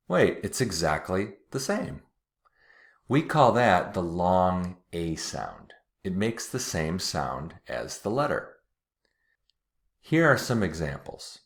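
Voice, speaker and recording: Slow, low-voiced male English teacher. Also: sing-song. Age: adult, watched TV as a kid in the 80s-90s. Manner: patient, repeats words slowly and clearly. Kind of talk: slow, deliberate pronunciation lesson.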